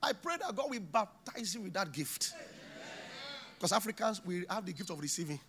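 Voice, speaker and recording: A man preaching a sermon in a church, animated and acting out little scenes with voices. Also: high-pitched, brisk, a little hiss or hum. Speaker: pastor.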